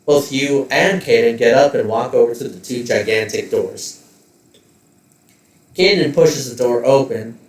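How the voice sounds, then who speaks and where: A man's voice: medium pitch, recorded from a distance. Man narrating a game in a roomy room. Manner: descriptive, with joking asides. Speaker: game master.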